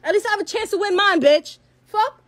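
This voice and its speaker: A woman's voice: very high voice, a little fast, fairly bright tone. An eighteen-year-old woman in a heated, profane livestream rant into her phone, hurling insults.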